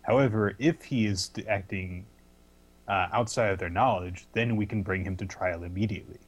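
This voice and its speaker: A young man playing a tabletop game, speaking in character with formal, measured planning. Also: on the low side. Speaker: player.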